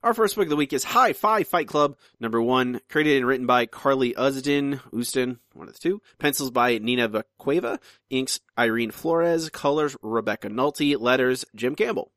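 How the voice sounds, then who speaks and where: A man's voice: mid-range voice, normal speed, hardly any pauses, a bit bright, dry recording, studio quality. A man hosting a podcast, chatty and teasing, talking casually. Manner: teasing, chatty, stumbles and restarts. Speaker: podcast host. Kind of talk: casual chat.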